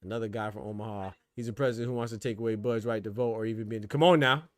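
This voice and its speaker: A man's voice: fairly low pitch, rapid-fire, no room sound, studio quality. A man hosting a boxing livestream, chatting casually in slang, reading out and answering viewers by name. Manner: relaxed, slangy, reads chat aloud. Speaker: boxing commentary host.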